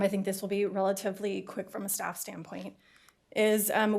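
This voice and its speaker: A woman on city planning staff, giving a brisk, casual report to a council while slightly out of breath. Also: medium pitch. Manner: brisk, breezy, a little out of breath. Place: council chamber.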